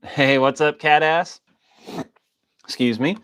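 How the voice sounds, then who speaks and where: A man's voice: fairly high pitch, slow, fairly bright tone, clean tone. A man hosting a casual livestream, loosely joking and greeting viewers by name, with a slight wheeze in his voice. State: coughing, a bit wheezy. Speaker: livestream host reading chat.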